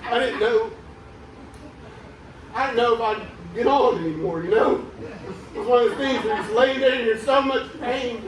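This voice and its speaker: At a live venue, a male comic spins a deadpan, mock-sincere tale with fake ad reads tucked in, now and then cracking up. His pitch is extremely high, his pace moderate with frequent pauses, and music and crowd sounds echo around the room.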